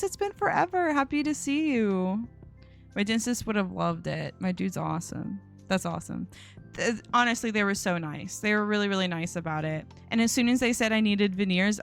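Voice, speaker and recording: A young woman streaming live, chatting casually with viewers in a rambling way full of fillers and restarts. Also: mid-range voice. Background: faint music.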